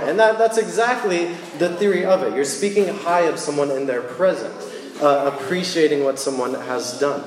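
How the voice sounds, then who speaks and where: A young man giving a casual sermon in a church, telling stories in an animated way. His voice sits a little high and rings out with a long reverb in a big, echoey hall. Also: normal speed, crowd noise. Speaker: preacher.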